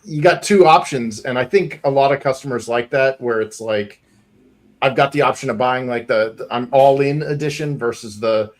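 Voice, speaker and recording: A man co-hosting a casual comics podcast, talking in a rambling, quick way with lots of restarts. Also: mid-range voice. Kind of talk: casual chat.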